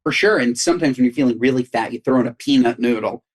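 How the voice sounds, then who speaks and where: A man co-hosting a podcast, joking in animated casual chat with his pitch swinging up and down. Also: fast. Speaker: podcast co-host.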